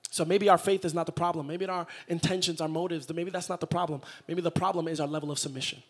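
A man preaching a sermon to a live church congregation, repeating phrases and building to loud, shouted peaks. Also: fairly high pitch, fairly even intonation, fast. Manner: engages the congregation directly.

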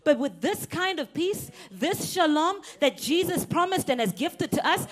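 A young woman preaching a sermon, animated and emphatic, laughing often and repeating words for effect. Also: high voice, normal speed, hardly any pauses.

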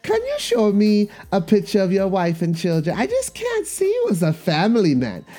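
A man voicing an awkward, blunt female office coworker with a high, halting, exaggerated put-on accent. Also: steady tone, vocal fry, a little mellow, heavily acted.

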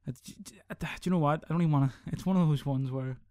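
On the high side and at a quick pace, a young man's voice carries his own podcast, a casual solo rant full of swearing. He sounds rambling and animated, and the recording is dry and studio quality.

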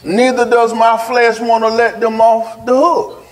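A pastor preaching a sermon in church, building to shouts and teasing his congregation. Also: very high voice, flat delivery, a little slow, noisy background. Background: music under the preaching.

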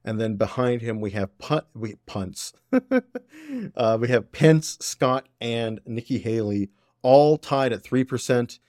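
A man hosting a political commentary podcast, opinionated and sarcastic with quick asides. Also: mid-range voice, darkish tone, no room sound, clean studio sound. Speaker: podcast host.

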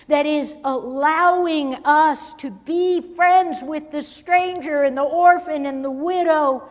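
A woman pastor preaching a sermon, moving between strong emphasis and hushed, near-whispered asides. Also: high voice. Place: church sanctuary. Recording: long hall reverb.

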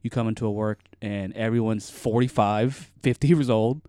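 A man's voice: fairly low pitch, steady tone, moderate pace, mellow, smooth, dry recording. A young man co-hosting a podcast in casual chat, laid-back, swearing freely and laughing often. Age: young adult. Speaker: podcast co-host.

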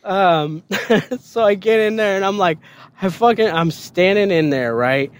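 A man with a high speaking voice tells a rowdy story about his past. He swears freely, breaks into laughter, and jumps up in pitch to play the other voices in his tale. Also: measured pace, clean tone. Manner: laughing, swearing, acts out quotes in a higher voice. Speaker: podcast host telling a story. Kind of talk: casual storytelling.

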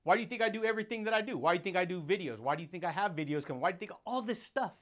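A fired-up man with a high voice delivers a motivational podcast monologue. He laughs often between points and keeps calling his listeners buddy, dude and baby. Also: lively intonation, very fast, a bit bright.

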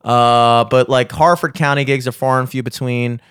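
A man's voice: medium pitch, fairly even intonation, moderate pace, a bit bright, clean tone, no echo. Young man, podcast host, profane and joking, rambling, dry close sound. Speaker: podcast host and gigging musician. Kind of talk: casual podcast banter.

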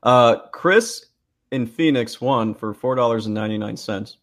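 A man's voice: mid-range voice, moderate pace, a bit bright. A man co-hosting a podcast in casual chat, easygoing and agreeable. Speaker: podcast co-host.

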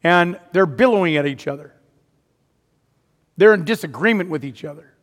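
A man's voice: on the high side, lively intonation, moderate pace. A man preaching a sermon, retelling a story dramatically and rising to emphatic peaks. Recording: long hall reverb.

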